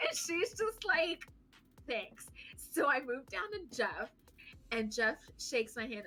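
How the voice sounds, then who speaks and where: A woman's voice: high voice, expressive, moderate pace, fairly bright tone. A woman in her thirties co-hosting a podcast, telling a story in casual chat, acting out quotes and laughing as she goes. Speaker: podcast co-host.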